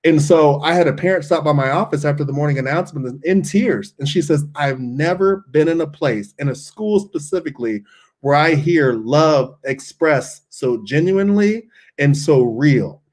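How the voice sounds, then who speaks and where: A man's voice: a little high, animated, normal speed, a little mellow. A middle-aged man, a school principal, speaking earnestly in a podcast interview and often repeating words as he starts a thought.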